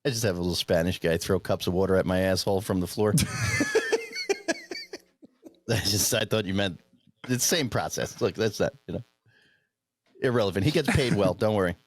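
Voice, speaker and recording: A man's voice: sits low, normal speed, pauses often. A man co-hosting a casual podcast, joking crudely. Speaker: podcast co-host.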